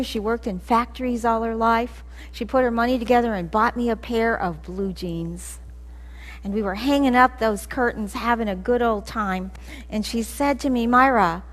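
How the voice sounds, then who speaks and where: A middle-aged woman giving a personal storytelling talk as a guest speaker in a church sanctuary, animated and acting out scenes. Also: a little high. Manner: animated, acts out scenes and laughs at her own story.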